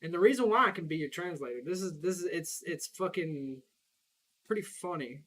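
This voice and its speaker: A man's voice: fairly high pitch, expressive, brisk, fairly bright tone. A young man with a Southern US accent, rambling in casual, profane chat while he plays a game, laughing often. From Southern United States. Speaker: gaming streamer.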